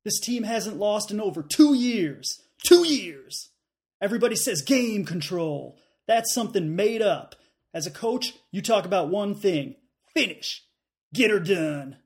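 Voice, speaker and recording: A man's voice: sits high, lively intonation, measured pace, darkish tone, voice pushed up. A man doing a defiant Southern football coach. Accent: put-on Southern.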